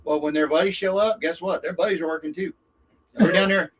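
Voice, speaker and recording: A middle-aged man, a racing dad telling stories in a casual, animated way and acting out quotes. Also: a little fast, breathy edge, poor audio. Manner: animated, acts out quotes with rising pitch. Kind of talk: casual storytelling.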